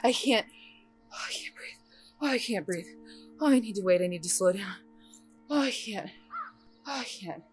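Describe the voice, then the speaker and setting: A woman's voice: mid-range voice, quick pace, soft background music, close to an everyday voice. An actress playing a panicking young woman who spirals into breathless, guilty self-talk in a film drama. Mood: panicked.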